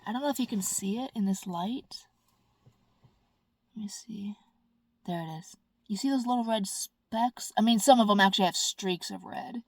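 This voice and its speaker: A woman's voice: mid-range voice, moderate pace, pauses often, husky, no echo. A woman talking casually to her camera, rambling and blunt, swearing freely and mimicking whiny voices. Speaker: vlogger.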